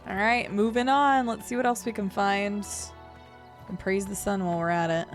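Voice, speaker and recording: A woman's voice: mid-range voice, fairly even intonation, normal speed. A woman streamer giving casual, playful commentary while she plays a video game, chatting to viewers and humming sing-song filler noises. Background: game music.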